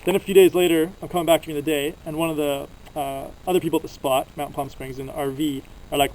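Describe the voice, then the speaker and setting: Fast-talking rambling young Canadian man. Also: a little high, steady tone, a little mellow, rough recording. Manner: rambling, filler-heavy storytelling. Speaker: vlogger. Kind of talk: casual travel vlog monologue.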